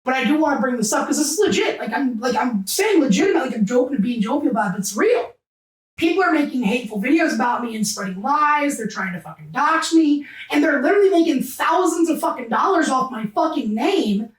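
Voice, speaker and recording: A man as a podcast guest in an emotional, heated rant, cursing and often shouting, choked up close to tears. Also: very high-pitched, expressive, fast talker, distant mic. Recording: roomy sound, set back from the mic.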